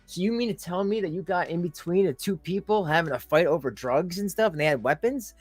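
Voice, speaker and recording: A man's voice: sits high, brisk, no echo, faint music behind. A man hosting a reaction commentary channel, ranting at a streamer with sarcastic, scornful, mocking remarks.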